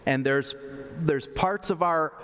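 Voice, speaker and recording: A man's voice: a little high, slow, a bit bright. A man preaching a sermon in a conversational way, with fillers and asides. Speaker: pastor. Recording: long reverb of a large hall.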